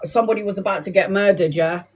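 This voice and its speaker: Speaking fast in a mid-range voice, a tarot reader delivers a live reading. She's blunt, emotional, and freely profane, addressing viewers with endearments like "my love" and "sweetheart."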